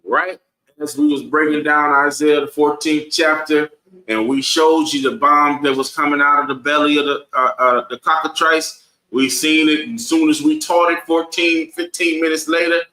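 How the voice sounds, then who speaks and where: A man's voice: fairly high pitch, fairly even intonation, normal speed, pushed and bright. Preachy man teaching a bible class. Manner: preachy, asks the room "right?" over and over. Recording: echoey room.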